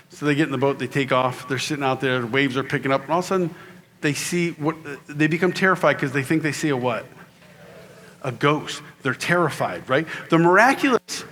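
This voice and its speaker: A man's voice: a little high, fairly quick. A middle-aged man giving a humorous faith talk to a conference audience, acting out voices as he tells stories. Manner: animated storyteller who acts out voices. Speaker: keynote speaker. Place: conference hall in Louisiana.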